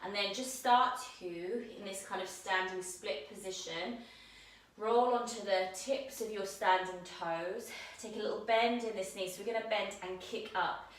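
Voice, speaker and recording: A woman teaching a yoga handstand class, giving calm step-by-step cues while she demonstrates, somewhat out of breath. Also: mid-range voice, unhurried. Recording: very echoey room, mic at a distance.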